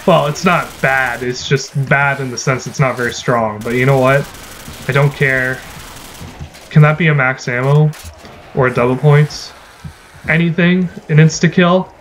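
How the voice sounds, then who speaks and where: A man's voice: mid-range voice, unhurried, fairly bright tone, a little hiss or hum. A man giving casual, rambling gameplay commentary as a gaming channel host, swearing when frustrated.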